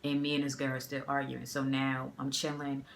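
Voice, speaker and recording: A woman tells a story straight to her phone camera, loose and chatty, with fillers and slang throughout. Her voice has a gravelly, creaky edge, and a faint hiss sits under it. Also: very deep voice, monotone, normal speed. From Boston area. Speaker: vlogger. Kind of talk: casual storytime vlog.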